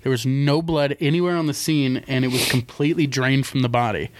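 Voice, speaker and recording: A man's voice: mid-range voice, steady tone, fairly quick. A young man in casual podcast chat, rambling through stories with lots of swearing and mimicked voices. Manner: rambling storyteller, swears a lot, mimics people.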